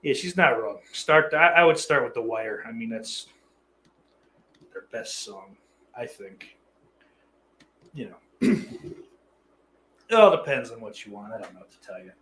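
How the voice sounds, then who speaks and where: Man, thirties, casual stream host, swears a lot, offhand and sardonic, middle pitch. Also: expressive, a little slow, long pauses, sharp tone. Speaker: livestream host reading chat. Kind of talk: casual rambling chat.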